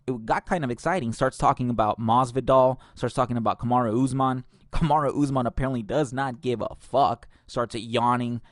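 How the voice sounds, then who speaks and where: A man's voice: medium pitch, fairly even intonation, fairly quick, few pauses, no echo, clean studio sound. A man hosting a podcast, ranting casually and profanely with strong opinions. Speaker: podcast host.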